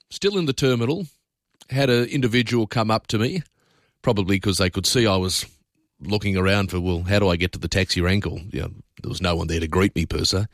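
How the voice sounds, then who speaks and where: An Australian talkback radio host speaks from a studio in a low-leaning voice, picked up on a studio microphone with no echo. He's chatty and opinionated, drifting into loose asides.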